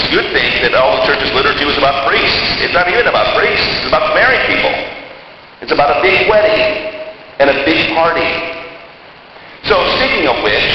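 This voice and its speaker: A man preaching a homily as a priest, emphatic and lively as he explains a gospel passage, recorded from a distance in a large church. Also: mid-range voice. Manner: animated, emphatic storytelling delivery. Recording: distant mic, long church reverb, dull sound, background noise.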